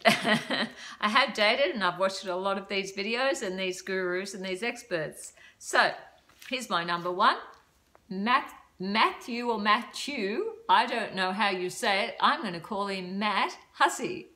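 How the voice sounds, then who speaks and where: Older woman, vlog dating advice, casual chat, bright tone, laughs a lot, self-deprecating. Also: medium pitch, unhurried. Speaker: vlogger giving dating advice.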